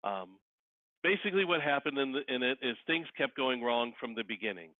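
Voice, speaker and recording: A man speaks as a guest over a thin, phone-like line with a dry, close sound. He tells his stories with lively energy and acts out the voices of the people in them. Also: mid-range voice, brisk, no room sound. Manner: lively storyteller who acts out quoted voices. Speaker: guest, wedding officiant and celebrity impersonator. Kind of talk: casual interview storytelling.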